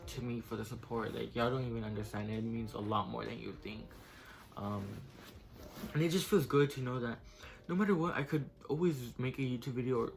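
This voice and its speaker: A young man casually telling a personal story in a vlog, filling his talk with "like" and "right?", getting emotional and tearful as he goes on. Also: medium pitch. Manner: casual, fills speech with "like" and "right?". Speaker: vlogger.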